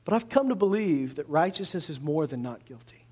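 High-voiced man preaching a lively sermon. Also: a little fast, slightly rough. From Canada. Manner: conversational, animated preaching with rhetorical questions. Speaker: pastor.

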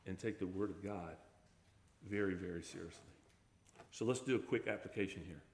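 A man preaching with emphasis, asking rhetorical question after question and hammering words through repetition. His voice sits at an ordinary middle pitch. It carries through a room with a noticeable echo. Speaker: pastor. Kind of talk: sermon.

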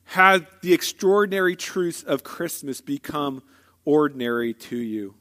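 A man with a fairly high voice preaching a sermon. He talks in a relaxed, storytelling way and keeps turning to the congregation with rhetorical questions. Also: unhurried. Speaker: pastor.

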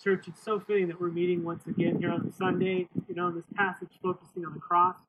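Man preaching outdoors, emphatic, repeats himself, loud wind noise behind. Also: sits high, little pitch movement, fast. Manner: emphatic preaching with repeated phrases and call-and-response. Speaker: pastor. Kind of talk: outdoor sermon. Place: outdoors, windy. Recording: tinny phone-like sound with wind noise.

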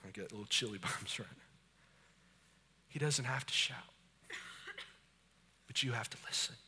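A man preaching a sermon, swinging between booming lines and hushed, intimate ones in a church. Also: moderate pace, creaky, husky. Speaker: pastor. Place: church sanctuary.

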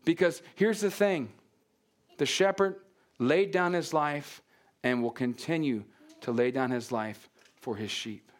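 A man delivers a sermon in a somewhat high voice. He keeps drawing the congregation in with questions and lets some lines fall to a soft near-whisper. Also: a little slow. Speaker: pastor.

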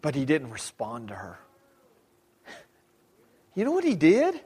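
A man preaching a sermon as pastor, dramatic, rising to shouts when he quotes people. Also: a little high, wildly swooping pitch, unhurried, husky. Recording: long hall reverb.

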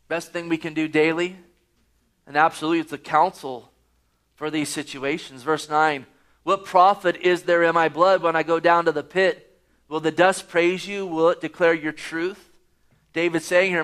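A man's voice: on the high side, fairly even intonation, normal speed, a bit bright. A man preaching a sermon, reading scripture aloud and pressing his points with rising emphasis. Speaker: pastor.

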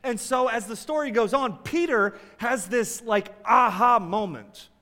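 A man preaching a sermon as a pastor, swinging between loud exclamations and quiet asides. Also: very high voice, unhurried, in a large hall.

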